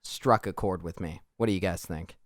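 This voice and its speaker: A man's voice: sits low, normal speed, no echo, studio quality. A man co-hosting a podcast in casual chat, enthusiastic and jokey, swearing casually. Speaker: podcast co-host.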